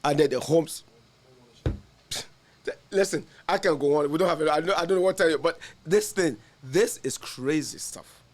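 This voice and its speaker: A man's voice: a little high, normal speed, darkish tone. A man, an insurance agent, telling stories in casual podcast conversation and laughing through his punchlines.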